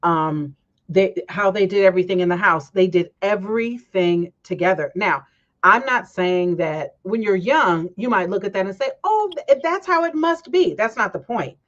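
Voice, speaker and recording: A woman's voice: on the low side, moderate pace. A woman hosting a casual talk stream, telling stories with energy and acting out the people she quotes. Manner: animated storytelling, acts out quoted voices. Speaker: host. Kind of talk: casual chat. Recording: dull lo-fi stream audio.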